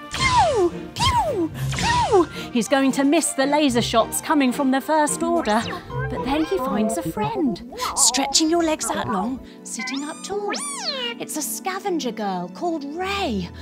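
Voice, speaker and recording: Lively woman, high and very expressive, leading kids' yoga through a story; faint music behind. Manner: lively and encouraging, guiding moves step by step. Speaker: children's yoga instructor. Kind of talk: storytelling yoga lesson for kids.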